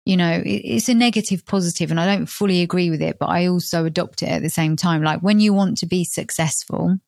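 A woman's voice: on the low side, a little fast, vocal fry, a little mellow, dry recording, clean studio sound. A woman hosting a podcast, asking her guest thoughtful, probing questions. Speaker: podcast host. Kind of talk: interview conversation.

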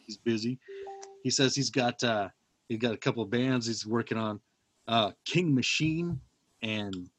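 A man hosting a casual podcast chat, rambling with lots of fillers and sudden loud bursts. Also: mid-range voice, breathy edge, no echo. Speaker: podcast host.

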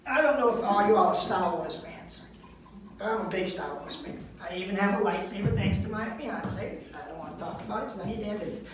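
Brisk and high-voiced, this Lynn, Massachusetts comic delivers crude, brash stories during a live stand-up show. A crowd can be heard behind him, and the echoey room is captured from far away.

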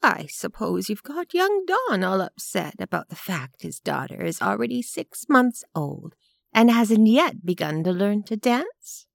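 A woman voicing a prim, quietly disapproving elderly lady in an audiobook reading. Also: mid-range voice, big pitch swings, a little slow, vocal fry, no echo, clean studio sound, voice pushed up, heavily acted. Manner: genteel, precise, quietly disapproving. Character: prim, gently sharp-tongued elderly woman.

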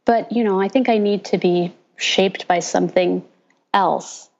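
Woman pastor, podcast guest; animated storyteller who imitates people she quotes; slightly muffled audio. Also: medium pitch, a little slow, gravelly. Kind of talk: casual interview chat.

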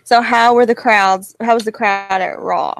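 A woman's voice: fairly high pitch, a little slow, gravelly, dry recording. A woman co-hosting a casual chat, talking loosely with lots of fillers. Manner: relaxed, filler-heavy talk. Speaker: podcast co-host.

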